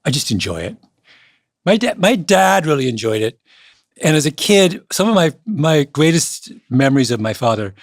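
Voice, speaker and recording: A man's voice: mid-range voice, dry recording, clean studio sound. A man who is a guest on a podcast, telling stories in a casual conversational way. He laughs often and acts out the voices of the people he quotes.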